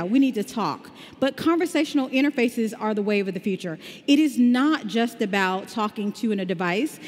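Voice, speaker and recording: A woman with a slight Southern US drawl presents at a tech conference, upbeat and chatty as she explains ideas step by step. Her voice sits a bit high, and it rings with the long reverb of a big hall. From Southern United States. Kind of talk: conference talk with live demo.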